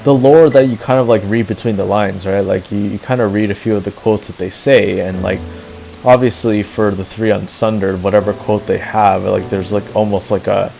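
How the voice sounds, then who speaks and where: A man with a low, gravelly voice talks casually and earnestly on a stream, piling up fillers as he rambles. He gets openly sentimental. Soft game music plays faintly behind him. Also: fairly even intonation, moderate pace, low-quality recording. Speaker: streamer touring a game housing build. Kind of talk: casual chat.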